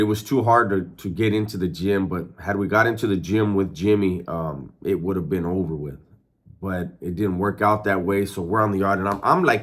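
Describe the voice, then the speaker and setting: A middle-aged former prisoner candidly tells his story in street slang, swearing and restarting often. His voice is on the low side with a fairly bright tone.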